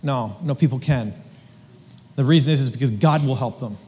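A man's voice: mid-range voice, normal speed, warm tone, long reverb tail. A man preaching a sermon in a casual, joking, slangy way, stumbling over restarts as he goes. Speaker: pastor.

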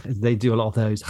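Male co-host, animated pitch, jokey and profane, dry close sound. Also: dry recording. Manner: playful, swears, acts out people in quotes. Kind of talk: casual chat.

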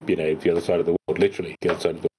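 A man's voice: low-pitched, flat delivery, racing, darkish tone, slight background noise. A man in casual post-game chat over an online call, talking with many fillers and restarts. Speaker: game master. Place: home setup in Singapore, online call.

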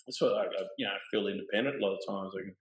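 A middle-aged man telling stories in a relaxed, rambling way as an interview guest, often laughing. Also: on the low side, rapid-fire. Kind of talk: casual storytelling. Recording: roomy echo.

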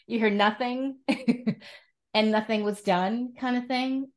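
A woman hosting an interview, telling stories in an animated, supportive way. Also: a little high, takes it slowly. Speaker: host. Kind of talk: conversational interview.

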